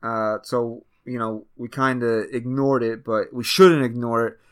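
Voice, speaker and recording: Male sports podcast co-host, mid-range pitch, laid-back and teasing. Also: fairly even intonation, a little slow, smooth. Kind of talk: casual sports talk banter.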